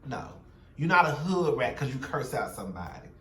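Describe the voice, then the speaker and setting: A man's voice: mid-range voice, very animated, normal speed, bright, forceful tone, reverberant, far from the mic. A young man giving a sassy, blunt, profane recap of a reality TV episode, gossiping and quoting the cast. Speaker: show recap commentator.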